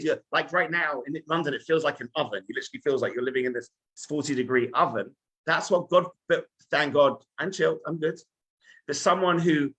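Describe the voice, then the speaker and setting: A husky, bright-toned rabbi who gives a sermon in an animated, storytelling way. His voice sits a little higher than most men's, and he keeps turning to his listeners.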